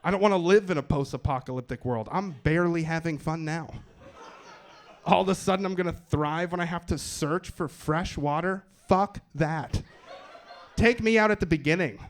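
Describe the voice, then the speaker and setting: Profane, self-deprecating male stand-up comic. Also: sits high. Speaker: stand-up comedian. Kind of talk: stand-up set. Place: comedy club stage. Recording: live set with clear background noise.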